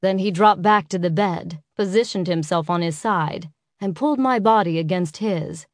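A woman reading a first-person romance audiobook in an intimate, unhurried way. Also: fairly low pitch, no room sound, clean studio sound. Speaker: audiobook narrator.

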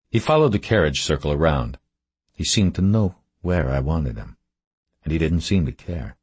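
A man narrates a first-person story in a very deep, husky voice. His delivery is terse and measured, kept low-key from line to line, in a dry recording. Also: no room sound. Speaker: audiobook narrator.

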